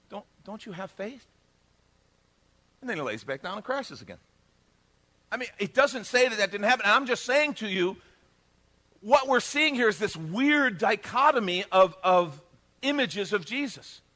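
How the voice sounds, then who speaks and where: A male pastor delivers a sermon as lively storytelling, acting out dialogue and joking with the congregation. His voice sits high and swings widely in pitch. The tone is bright and forward. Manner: animated storytelling with acted-out dialogue and jokes.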